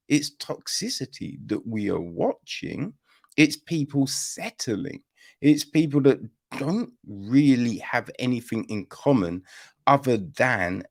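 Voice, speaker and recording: Gravelly, animated man ranting about films. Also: mid-range voice. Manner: animated, profane, keeps asking "you know what I mean?". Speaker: podcast film reviewer. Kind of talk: casual film review chat.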